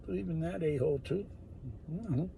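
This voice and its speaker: A man talking in a rambling monologue, drifting between loud bursts and muttered, whispered asides. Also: fairly high pitch, normal speed, vocal fry, slight background noise. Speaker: solo talker.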